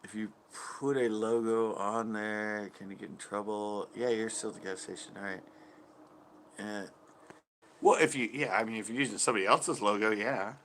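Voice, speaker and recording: A man's voice: fairly low pitch, fairly even intonation, moderate pace, fairly bright tone, slight background noise. A man hosting a casual live stream, reading viewer chat in a laid-back, tired way, often chuckling and trailing off mid-sentence.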